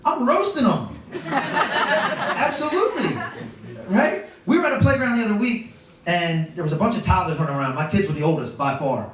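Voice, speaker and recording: A man's voice: sits high, lively intonation, fast talker, a bit bright. A man in his thirties doing a storytelling stand-up comedy set on a club stage, wry and self-deprecating. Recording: echoey club room, distant mic, audience laughter.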